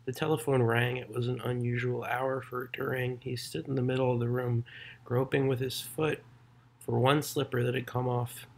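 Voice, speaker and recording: A man reads a literary short story aloud at an unhurried, measured pace. His voice sits in an ordinary middle range, and he sometimes stops to correct a word before going on. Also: medium pitch, little pitch movement, vocal fry, husky. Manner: measured, unhurried reading with brief self-corrections. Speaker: narrator.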